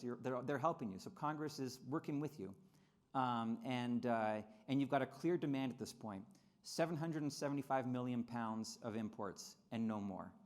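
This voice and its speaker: A man giving a lively convention speech on trade history, often repeating words and acting out quotes in mocking voices. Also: mid-range voice. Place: convention hall.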